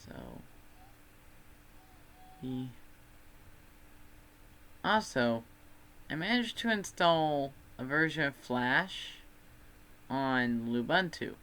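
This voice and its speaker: A man's voice: medium pitch, animated, extremely slow, pauses often, sharp tone, smooth. A young man from Texas with a Texan accent, chatting casually on a livestream in a rambling, self-deprecating way. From Texas, USA. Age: student.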